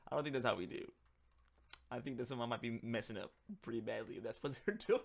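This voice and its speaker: A man's voice: medium pitch, fast talker, creaky. A man talking casually on a livestream as he works, rambling, joking and muttering to himself. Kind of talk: casual livestream chat while working.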